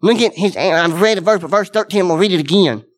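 A man's voice: sits high, quick pace. A man preaching a sermon, earnest and conversational, speaking directly to his congregation and repeating key words for emphasis.

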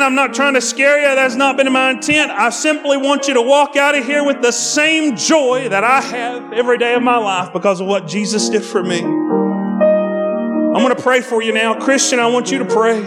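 A young man preaching a sermon to a congregation, earnest and pleading, repeating his phrases as he calls people to the altar. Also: very high voice.

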